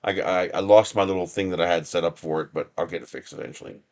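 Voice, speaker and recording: A man's voice: low-pitched, steady tone, fast, darkish tone. A man hosting a casual live stream from his home workshop bench, rambling and chuckling with sarcastic asides. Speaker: livestream host.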